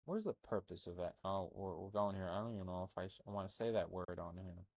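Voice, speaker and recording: Blunt, rambling low-voiced young man. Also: fast talker, no room sound. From Albania. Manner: rambling, blunt, filler-heavy. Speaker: health coach. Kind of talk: casual monologue.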